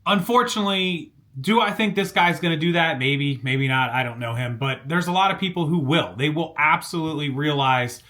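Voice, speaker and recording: A man's voice: a little high, a little fast, bright, forceful tone. A man hosting a reaction commentary video, talking conversationally and seriously. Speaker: commentary channel host.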